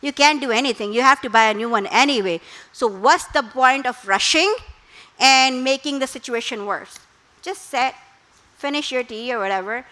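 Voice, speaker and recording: Bright high-voiced woman giving a calm talk. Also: moderate pace, poor audio. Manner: calm, instructive, with acted quotes. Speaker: guest speaker, therapist. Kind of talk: parenting talk.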